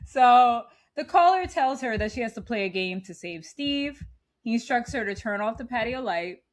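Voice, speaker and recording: Speaking at a moderate pace in a voice on the high side, this podcast co-host in her thirties chats casually about a film. She gets animated, laughs a lot, and walks through scenes from the movie.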